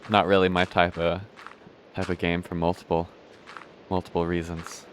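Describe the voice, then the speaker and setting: In a low, monotone voice at a moderate pace, a young man wanders through a let's play, breaking off and restarting his sentences, swearing offhand, and hiccuping. There's slight background noise.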